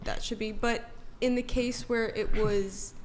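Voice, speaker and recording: A woman's voice: fairly high pitch, fairly even intonation, unhurried, a little hiss or hum. A woman guest on a podcast panel, answering hesitantly, with lots of fillers and hedging. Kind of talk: casual debate answers.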